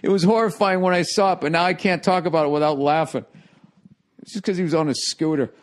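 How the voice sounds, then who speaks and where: Profane man telling a story, fairly high voice. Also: fairly even intonation, fast. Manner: profane, laughing through his own anecdote. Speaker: podcast host. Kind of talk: casual storytelling.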